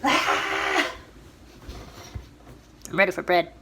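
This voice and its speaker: A woman hosting a casual cooking show from her home kitchen, talking chattily and excitably to viewers as she works through each step. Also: fairly low pitch, very slow, creaky. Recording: background noise and clicks.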